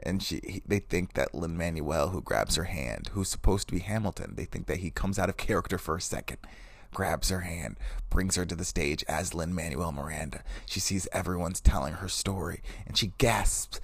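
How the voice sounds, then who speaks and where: A man's voice: deep voice, normal speed, creaky, dry recording. A man in his twenties hosting a casual solo podcast from his bed, rambling, swearing and cutting himself off. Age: 20s. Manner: rambling, profane, self-interrupting. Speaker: podcast host. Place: in bed at home.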